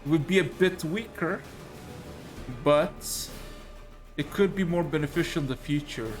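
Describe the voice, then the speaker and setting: A man narrating a tabletop role-playing session as game master, drawing out his descriptions slowly and dramatically. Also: on the high side, steady tone, faint music behind.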